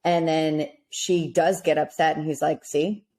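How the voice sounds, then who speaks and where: A woman's voice: low-pitched, little pitch movement, unhurried, dark tone. A woman co-hosting a podcast, speaking thoughtfully in casual chat with frequent murmurs of agreement. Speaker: podcast co-host.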